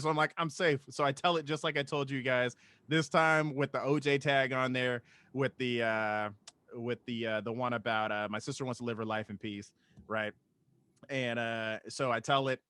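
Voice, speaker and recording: Podcast storyteller: bright, clear young man, dry close sound, profane and loose. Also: mid-range voice, no echo. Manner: loose, profane, laughs through his story. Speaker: stand-up comedian, podcast regular. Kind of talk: casual storytelling chat.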